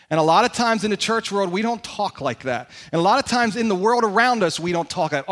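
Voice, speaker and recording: A man preaching a sermon as pastor, in an animated, conversational way and asking the congregation questions. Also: a little high. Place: church sanctuary.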